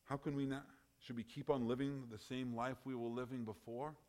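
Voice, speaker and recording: A man preaching a sermon, emphatic, often rising in loudness and then dropping low. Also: level tone, brisk.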